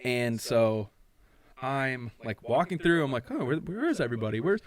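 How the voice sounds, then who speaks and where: A man co-hosting a casual podcast, swearing freely as he tells a story and jumping into voices for the people in it. His pitch rises and falls a lot as he gets worked up. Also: moderate pace, a crowd in the background. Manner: profane, animated storytelling with acted quotes. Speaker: podcast co-host.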